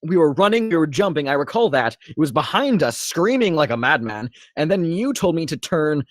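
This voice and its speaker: A man's voice: fairly high pitch, sing-song, a little fast, dry recording, studio quality. A man playing a flustered, bumbling human ranger in his thirties, polite and fussy. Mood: puzzled.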